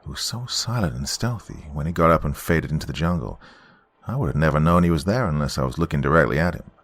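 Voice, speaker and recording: A man narrating a horror story in an expressive, scripted storytelling manner. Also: rumbling low, fast.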